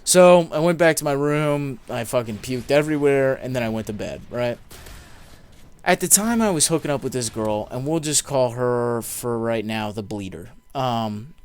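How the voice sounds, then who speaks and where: A man's voice: mid-range voice, moderate pace, a little mellow, clear, resonant tone. A young man, a gaming YouTuber, casually telling a story with lots of swearing, fillers and rambling asides. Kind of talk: casual storytelling over gameplay.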